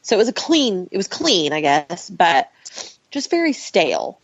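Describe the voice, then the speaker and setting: A woman guest on a podcast, retelling a personal story in an animated, emotional way and laughing often. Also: lowish voice, moderate pace, no echo, highs cut off.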